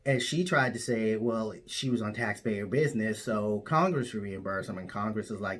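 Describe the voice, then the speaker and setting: A man's voice: on the low side, moderate pace, hardly any pauses, fairly bright tone. A man telling an absurd made-up story in a straight, matter-of-fact comic way. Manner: absurd tall tale told matter-of-factly.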